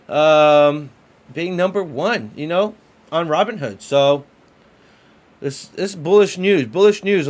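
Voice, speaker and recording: Male crypto streamer, slightly higher voice, excitable casual delivery, repetitive with fillers. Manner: excitable, repeats himself, lots of fillers. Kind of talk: casual livestream commentary.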